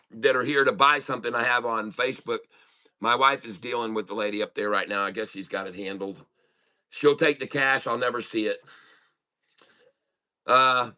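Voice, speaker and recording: This middle-aged man, hosting a day-trading livestream from home, has a bright, forceful, smooth voice of medium pitch with a slight lisp. He chats casually and mutters to himself as he fixes his audio.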